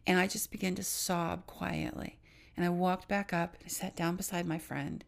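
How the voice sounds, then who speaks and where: A middle-aged woman co-hosting a podcast, telling a personal story in an earnest manner that sometimes drops to a hush. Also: lowish voice, fairly even intonation, moderate pace, vocal fry. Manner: earnest, hushed drops into whispers at tense moments. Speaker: podcast co-host.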